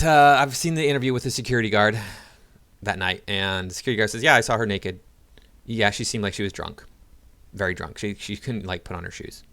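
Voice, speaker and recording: A man's voice: on the low side, fairly bright tone. A man giving casual reaction commentary to his viewers, rambling with many fillers and restarts. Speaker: video commentator.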